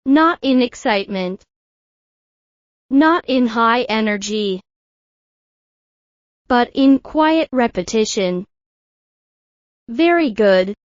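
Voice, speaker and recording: A woman teacher giving calm, measured instructions in a guided speaking drill. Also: on the high side, no room sound, lo-fi sound. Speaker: English teacher.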